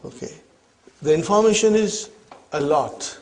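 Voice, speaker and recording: A man's voice: on the high side, expressive, unhurried. A man teaching an Arabic grammar lesson. He explains step by step, repeats his questions and often checks "are you with me?".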